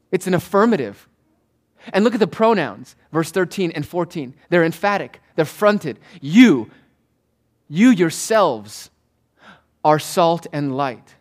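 A man preaching a sermon to his church in an emphatic, rhythmic way, repeating key phrases and slowing down to stress words. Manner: swings between soft low asides and loud raised declarations. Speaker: pastor.

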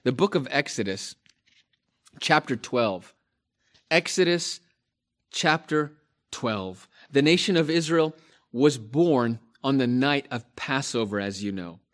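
A male pastor preaching a sermon, slow and emphatic, repeating key phrases for stress. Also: medium pitch.

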